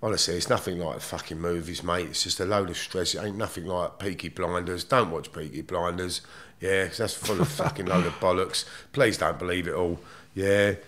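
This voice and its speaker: A man's voice: deep voice, fairly even intonation, normal speed, hardly any pauses, fairly bright tone. A middle-aged man with a London accent, telling his story bluntly and with plenty of swearing as a guest in a casual interview.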